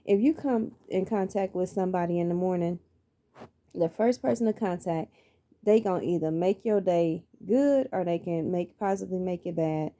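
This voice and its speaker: Woman, middle-aged, personal motivational monologue, repeats lines for emphasis, mellow tone. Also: on the low side, normal speed. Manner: earnest, preacherly, repeats phrases for emphasis. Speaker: vlogger sharing her life story.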